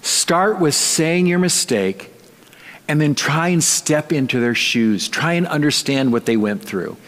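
A man's voice: a little high, animated, a little slow, a bit bright. A male pastor preaching a sermon in a conversational, storytelling way with light touches of humor. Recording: long reverb.

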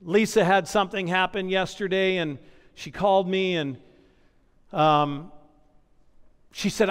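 A man's voice: high voice, fairly even intonation, a little slow, pauses often, fairly bright tone, clean tone. A man preaching a sermon as pastor, building points through repetition and personal stories. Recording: long hall reverb.

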